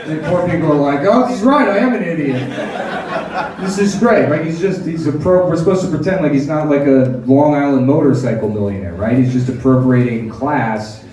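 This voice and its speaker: A man's voice: mid-range voice, brisk, few pauses, dark tone, very echoey, recorded from a distance, slight background noise. A man performing a crude, sarcastic stand-up set, riffing and mocking voices. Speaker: stand-up comedian.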